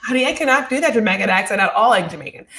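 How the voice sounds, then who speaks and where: A woman's voice: mid-range voice, expressive, racing, fairly bright tone. A woman co-hosting a podcast over a video call, rambling with lots of fillers and mocking herself in casual chat. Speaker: podcast co-host.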